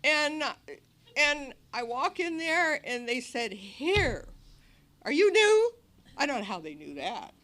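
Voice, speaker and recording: In a meeting hall, a woman tells an audience the story of her recovery, vividly acting out the cries she once made and the lines other people said. Her voice is fairly high, expressive and bright, pushed and slow-paced.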